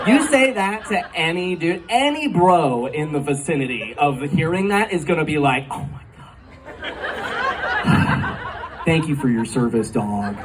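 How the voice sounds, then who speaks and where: A man doing a stand-up comedy set in a live club, talking in a chatty way full of fillers and laughing at his own jokes. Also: a little high. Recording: live club recording from a distance, crowd noise. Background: audience laughter and club ambience.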